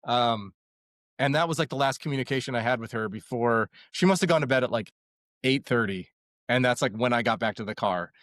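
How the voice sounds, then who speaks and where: Young male guest, chatty storyteller, dry booth sound, average pitch. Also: fairly quick, dry recording. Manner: rambling, animated retelling with many fillers. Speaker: podcast guest. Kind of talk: casual storytelling.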